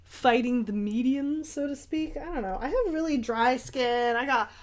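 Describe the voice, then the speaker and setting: Brief: a young woman hosting a relaxed paint-along, talkative and giggly, with a slightly high voice. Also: normal speed. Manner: chatty and rambling, with giggles and fillers. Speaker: painting vlogger and art teacher. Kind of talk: casual paint-along chat.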